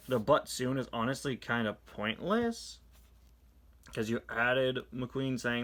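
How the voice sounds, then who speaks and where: Bright-voiced man roasting a comic. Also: medium pitch, animated. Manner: sarcastic, exasperated critique; reads captions aloud in quick put-on voices. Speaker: toy reviewer. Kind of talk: casual comic book review.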